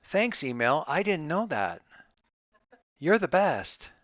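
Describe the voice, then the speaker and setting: A man's voice: a little high, very animated, slow, fairly bright tone, no echo, lo-fi sound. A man running a tabletop game online, chatting casually and joking offhand before play begins. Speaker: game master. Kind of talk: casual pre-game chat.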